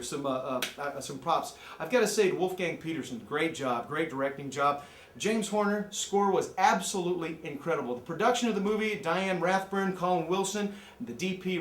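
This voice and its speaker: A man giving a joking, excitable movie review rant, from the American Midwest. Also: fairly high pitch, roomy sound, slight background noise. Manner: joking, excitable, jumps into mocking voices. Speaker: amateur movie critic.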